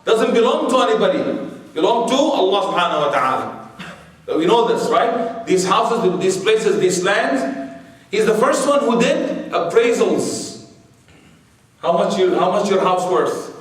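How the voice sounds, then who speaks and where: Male lecturer with a high voice, chatty and digressive, heard from far off in a reverberant hall. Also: expressive, measured pace. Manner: chatty and digressive, with many "you know" and rhetorical questions. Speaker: Islamic lecturer. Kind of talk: religious history lecture to an audience. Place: large room with a live audience. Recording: very echoey hall, mic far off.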